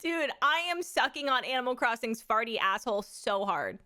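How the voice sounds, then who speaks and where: A woman streamer chatting casually and excitably with her audience, full of crude jokes and giggles. Her voice sits fairly high, with a bright, sharp edge. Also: normal speed. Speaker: live streamer. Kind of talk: casual live-stream chat.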